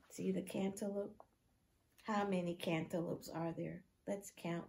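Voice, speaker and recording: A woman teacher reading a picture book aloud to preschoolers, asking them questions in an exaggerated, animated way. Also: on the low side, a little slow, gravelly.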